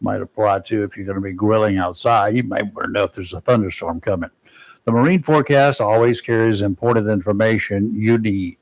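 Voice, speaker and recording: Low-voiced male talk radio host. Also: brisk, dry recording, low-quality recording. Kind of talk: talk radio chat and weather segment. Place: radio studio.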